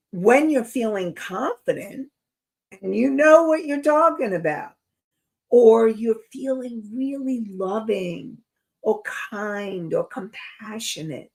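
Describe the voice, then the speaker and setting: Woman, talk show host, slow unhurried delivery, earnest, reflective, speaks straight to listeners. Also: medium pitch. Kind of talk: inspirational talk show monologue.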